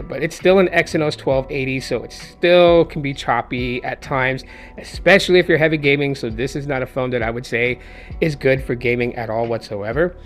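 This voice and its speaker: Rambling male tech vlogger, slightly hoarse. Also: a little high. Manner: rambling, conversational, many fillers. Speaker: tech reviewer. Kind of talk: casual tech review vlog.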